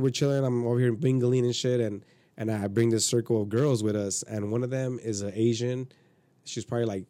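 A man's voice: on the low side, warm tone, dry recording. Profane man telling a wild story. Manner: profane, rambling, acts out quotes. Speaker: podcast guest. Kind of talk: casual storytelling.

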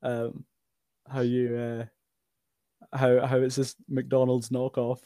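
A man's voice: mid-range voice, monotone, warm tone, dry recording, clean studio sound. A man co-hosting a podcast, chatting casually about a film with many restarts and fillers. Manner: halting, many restarts and fillers, laughs often. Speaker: podcast co-host.

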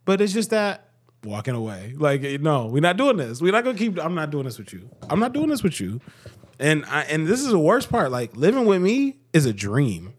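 A man in his thirties co-hosts a casual podcast chat, joking and sarcastic. His voice sits a little high and swings widely in pitch as he riffs, so his sentences sound animated. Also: fairly quick, husky. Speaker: podcast co-host.

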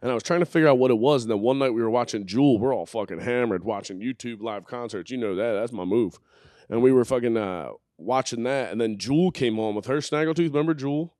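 A man's voice: medium pitch, fast, darkish tone, no room sound. Young dude riffing crude jokes on his living room podcast, mid voice, dry mic. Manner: crude, joking, rambling. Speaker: podcast host. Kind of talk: casual podcast banter.

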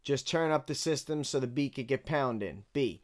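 A man casually breaking down rap lyrics bar by bar, candid and relaxed as he counts the rhymes. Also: medium pitch, moderate pace. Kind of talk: casual analytical commentary.

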